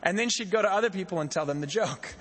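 A man's voice: high-pitched, animated, quick pace, a bit bright, long reverb tail. A young man preaching a sermon as a pastor, talking in a conversational way and putting questions to the congregation. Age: young adult.

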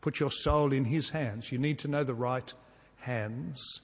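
Earnest preacher in a reverberant hall. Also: male voice, mid-range voice, measured pace, breathy edge. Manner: earnest, emphatic, with rhetorical repetition and sudden soft drops. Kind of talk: sermon. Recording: long reverb from a large hall.

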